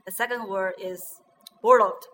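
Woman teacher with a Chinese accent, crisp bright tone, methodical drilling of English words. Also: mid-range voice, steady tone, measured pace, a little hiss or hum, low-quality recording. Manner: repeats words after the guest and checks them. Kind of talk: bilingual pronunciation lesson.

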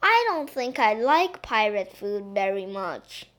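A woman voicing a naughty little girl princess who plays pirate, pouty and excitable. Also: medium pitch, slow. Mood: pouty excited.

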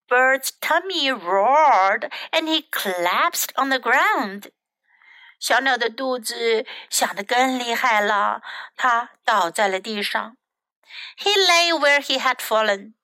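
A woman teacher whose first language is Mandarin, reading a children's story aloud slowly and expressively, line by line in English and Chinese. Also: a little high, no echo. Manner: slow, expressive read-aloud, sentence by sentence.

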